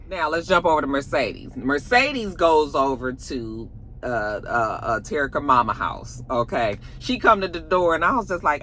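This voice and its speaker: Female reviewer, casual chatty recap, bright forward tone, acts out quoted lines. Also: sits low, very animated, moderate pace, a little hiss or hum. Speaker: TV episode reviewer.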